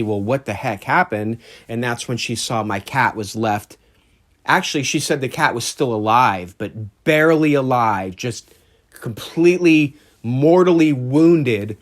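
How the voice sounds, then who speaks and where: A middle-aged man casually telling a long personal story while he draws, conversational and rambling with frequent fillers and restarts. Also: medium pitch. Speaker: art channel host.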